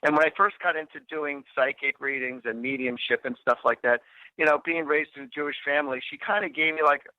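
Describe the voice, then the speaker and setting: A man's voice: on the high side, steady tone, fairly quick, no echo. A middle-aged man hosting a psychic radio show, telling personal stories in a rambling, casual way full of fillers and restarts. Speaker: psychic medium radio host. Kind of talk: casual storytelling on talk radio. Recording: lo-fi radio broadcast.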